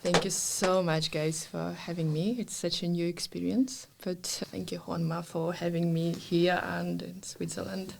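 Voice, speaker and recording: A woman in her thirties from Russia, with a Russian accent, speaking as a guest in a podcast interview. She tells lively stories and laughs often. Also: lowish voice, unhurried, vocal fry, hardly any pauses, slight background noise. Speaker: guest, business consultant. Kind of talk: podcast interview, casual chat.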